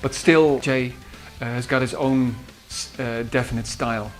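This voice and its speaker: A man with a Dutch accent, a musician recalling studio sessions in a halting way with many fillers. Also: medium pitch, steady tone, faint music behind. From Netherlands. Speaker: musician and producer. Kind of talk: behind-the-scenes recollection.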